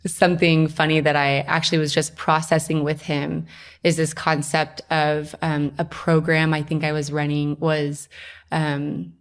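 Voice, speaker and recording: A young woman, a podcast guest, telling her personal story in a lively, conversational way. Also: sits low, a little slow. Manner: animated storytelling, acts out her own past voice.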